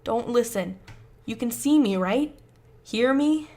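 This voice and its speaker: A woman's voice: a little high, expressive, takes it slowly, a little mellow. A woman voicing a firm, urgent young man. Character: intense young man, insistent and fierce.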